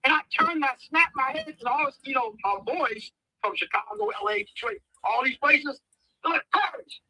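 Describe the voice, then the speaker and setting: A man's voice: very high-pitched, normal speed, no room sound, rough recording. A man, telling stories on a podcast as a guest and acting out the voices of the people in them. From United States. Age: 50s. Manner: animated, acts out voices in his stories. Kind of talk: casual storytelling.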